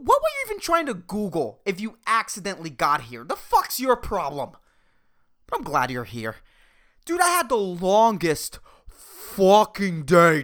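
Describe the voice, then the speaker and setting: On her solo podcast, a woman with a lowish, fairly bright voice vents in an exasperated, foul-mouthed comic rant. She wanders as she talks, restarting herself and leaning on fillers.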